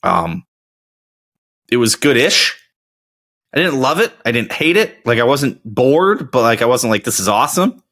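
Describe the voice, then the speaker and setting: A man's voice: mid-range voice, very animated, unhurried, long pauses, fairly bright tone. A young man hosting his own show, chatting casually and telling rambling stories with frequent restarts. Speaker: podcast host. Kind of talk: casual solo chat.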